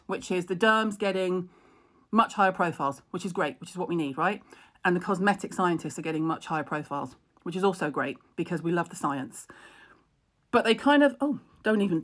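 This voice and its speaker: This middle-aged woman's voice is on the low side, animated and a little fast. She hosts a casual live-stream chat, talking frankly, laughing a lot, making fun of herself and answering what viewers write.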